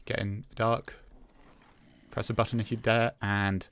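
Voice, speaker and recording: This is casual gameplay commentary from a man hosting a Minecraft let's-play, his voice on the low side, clear and resonant, at a measured pace. He's relaxed, muttering to himself while playing and leaning on lots of hesitant fillers as he explains what he's doing.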